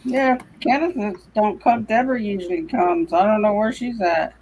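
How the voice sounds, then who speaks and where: A woman's voice: mid-range voice, normal speed, darkish tone, dull audio, slight background noise. A woman hosting a casual video call chat, easygoing and laid-back. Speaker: host.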